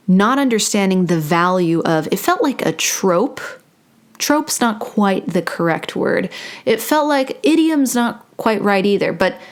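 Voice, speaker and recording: A woman hosting a spiritual talk, speaking unhurriedly into a close microphone and passing on channeled guidance, with playful self-mocking asides. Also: lowish voice. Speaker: meditation and spiritual channeling host. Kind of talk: slow reflective spiritual talk with channeled passages.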